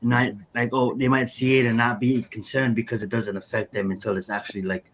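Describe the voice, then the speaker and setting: A man's voice: mid-range voice, flat delivery, fairly quick, slight background noise. A man in casual podcast chat, rambling through long answers with many fillers and restarts. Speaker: podcast guest.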